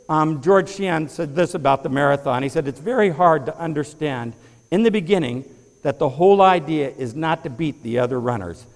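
A man preaching a sermon to his congregation, moving from quiet reflection to rising, fervent emphasis. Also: fairly high pitch, expressive, fairly quick, big-room sound. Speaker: pastor. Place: church sanctuary before a congregation.

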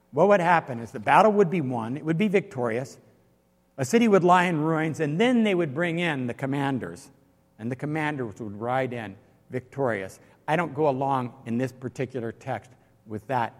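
A man preaching a sermon as pastor, swinging from loud exhortation to quiet storytelling. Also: medium pitch. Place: church sanctuary. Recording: long reverb of a large hall.

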